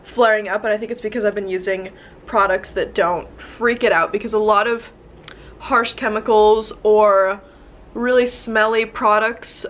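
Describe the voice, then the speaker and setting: A woman's voice: medium pitch, fairly even intonation, normal speed, fairly bright tone. A young woman with a nasal, stuffy voice from a cold, chatting casually and rambling through her makeup routine. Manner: chatty, rambling, self-deprecating. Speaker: beauty vlogger. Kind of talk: casual get-ready-with-me chat.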